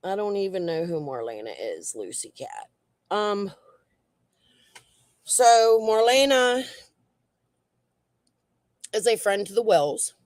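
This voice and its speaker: A woman's voice: medium pitch, expressive, slow pace, long pauses, a little mellow, no echo. Blunt, foul-mouthed woman streamer. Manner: blunt, profane and heated. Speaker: true crime livestream host. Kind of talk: casual livestream commentary, reading chat.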